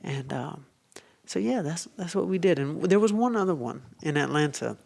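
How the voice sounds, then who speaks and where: A man, a podcast guest telling a story with animated quotes and whispered asides. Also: a little high, normal speed, gravelly.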